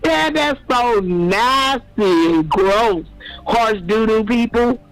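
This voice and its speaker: A man's voice: high-pitched, lively intonation, slow pace, clean tone, low-quality recording. A man hosting a sports channel, ranting and trash-talking as a fan, taunting and petty toward rival supporters.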